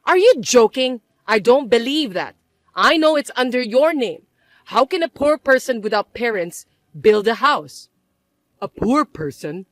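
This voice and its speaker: Woman doing a shrill pushy mother-in-law, swoops up and down a lot, dry close sound. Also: big pitch swings, measured pace, dry recording. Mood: shocked. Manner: shrill, accusing, indignant. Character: scheming bossy middle-aged mother-in-law. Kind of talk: dramatized story voice acting.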